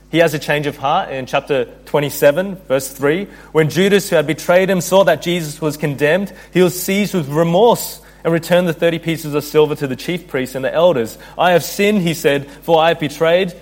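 A man preaching a sermon in an earnest, steady voice. He reads scripture aloud and builds in intensity as he speaks. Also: a little high. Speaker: pastor.

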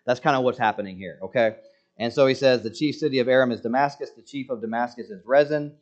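A man's voice: mid-range voice, quick pace, dull audio. A man preaching a sermon in a conversational, joking way, acting out quoted lines with emphasis. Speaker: pastor.

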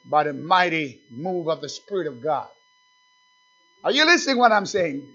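A male pastor delivers a fervent sermon in a high, bright voice. He swings from loud, shouted declarations to low, murmured asides. The recording is dull and lo-fi. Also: sing-song, moderate pace, husky.

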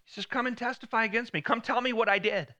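A man's voice: very high-pitched, steady tone, fast talker, sharp tone. A man preaching a sermon in a conversational way, lifting his voice when he quotes God.

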